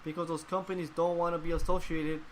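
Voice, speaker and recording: A man with a slightly higher-than-usual voice rants hotly on a casual podcast, swearing freely as he vents. Faint noise sits under the recording. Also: flat delivery, quick pace, low-quality recording. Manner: profane, heated and ranting. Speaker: podcast host. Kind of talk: casual chat.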